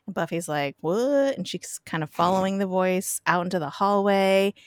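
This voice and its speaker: A woman recapping a TV episode as a podcast guest, chatty and quick to laugh. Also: fairly low pitch, fairly even intonation, no room sound, studio quality. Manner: giggly, chatty storytelling with frequent laughs. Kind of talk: casual chat.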